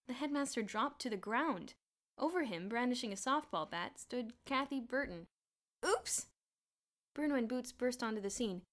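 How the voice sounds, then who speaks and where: A woman reading a children's novel aloud in a clear, even storytelling manner. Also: a little high, normal speed. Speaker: audiobook reader.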